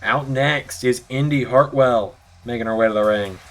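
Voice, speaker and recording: A man's voice: medium pitch, normal speed, faint music behind. A man with a sore throat doing announcer-style play-by-play commentary for a video game wrestling show. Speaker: commentator, channel host.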